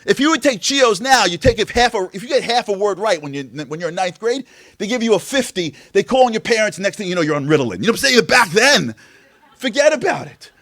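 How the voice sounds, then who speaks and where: A man delivers an impassioned inspirational talk, his voice pitched very high and leaping around with lively energy. He fires off rhetorical questions and drops from loud bursts to near hushes. The sound is close and dry, with little room around it. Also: fast, no echo. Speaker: speaker at a Tisha B'Av event. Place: event venue.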